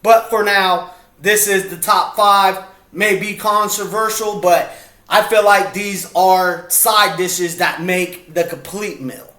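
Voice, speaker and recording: A man with a high, bright voice chats casually as the host of his video, playful and rambling, losing his thread and starting over. He speaks at an unhurried pace, in an echoey room. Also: steady tone. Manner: rambling, playful, breaks off and restarts. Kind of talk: casual chat.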